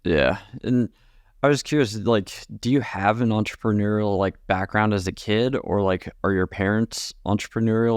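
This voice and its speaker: Deep-voiced male podcast host. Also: smooth, no echo, studio quality. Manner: curious, hedging with "like". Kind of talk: interview questions.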